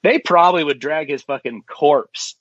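A man's voice: a little high, normal speed, breathy edge, no echo. A man hosting a casual podcast, talking bluntly and ranting with lots of profanity. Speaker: podcast host. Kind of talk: casual chat. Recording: dry, slightly muffled podcast audio.

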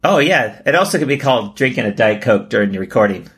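A man co-hosting a podcast in casual comedic chat, joking and laughing, often jumping into a high exaggerated pitch. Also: lively intonation, fast, a bit bright, a little hiss or hum. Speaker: podcast co-host.

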